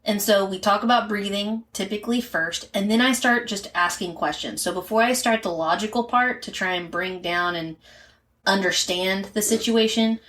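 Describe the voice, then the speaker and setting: A woman's voice: mid-range voice, normal speed, fairly bright tone. A woman co-hosting a podcast about parenting, earnestly explaining things step by step in casual chat. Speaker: podcast co-host, mother.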